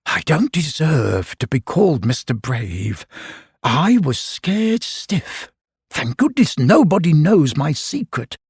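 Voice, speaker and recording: A man's voice: fairly high pitch, sing-song, takes it slowly, darkish tone, breathy edge, dry recording, studio quality, full character voice. A man voicing a timid little storybook man who panics and cries out in a raised voice. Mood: ashamed.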